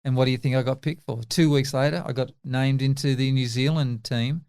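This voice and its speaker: A man in his fifties with an Australian accent, a former test cricketer telling animated stories in an interview and acting out the dialogue. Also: mid-range voice, a little fast, smooth. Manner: animated anecdotes, acts out quoted dialogue. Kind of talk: casual interview storytelling.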